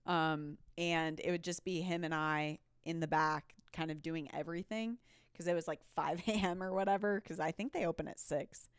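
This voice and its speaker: A woman's voice: on the low side, clear, resonant tone, no room sound, studio quality. A young woman co-hosting a faith podcast in casual, rambling chat, laughing often. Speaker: podcast co-host.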